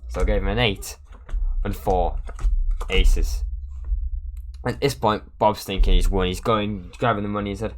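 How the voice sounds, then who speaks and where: Low-voiced man telling a card-trick story. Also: normal speed, long pauses, a little hiss or hum. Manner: chatty, animated, acts out quoted voices.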